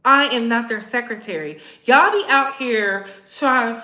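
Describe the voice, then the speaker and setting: A woman host giving blunt, sassy, profane commentary, telling stories with animated asides. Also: a little high, unhurried, hardly any pauses, echoey room. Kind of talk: casual commentary vlog.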